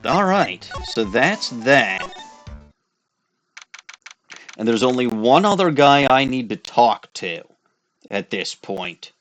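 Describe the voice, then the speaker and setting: A man plays through a story game, reading its lines aloud and cutting in with dry, profane remarks. His voice sits at a middle pitch for a man. The delivery is loose and conversational. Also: big pitch swings, slow, pauses often, fairly bright tone, soft background music. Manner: sardonic, swears freely. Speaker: let's play host. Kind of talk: casual game commentary and dialogue reading.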